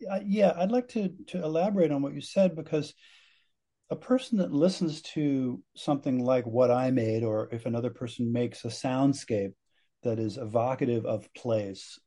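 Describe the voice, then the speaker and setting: A man guesting on a radio interview about his music. His voice is husky and mellow, and he speaks in a thoughtful, halting way. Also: mid-range voice. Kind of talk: casual interview chat.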